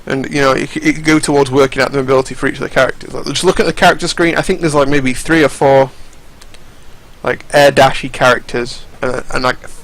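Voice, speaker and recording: A man's voice: mid-range voice, fairly even intonation, quick pace, a bit bright, rough recording. Rambling, cursing young man. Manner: rambling, profane, frequent restarts. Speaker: fighting game commentator. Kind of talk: casual commentary over game footage.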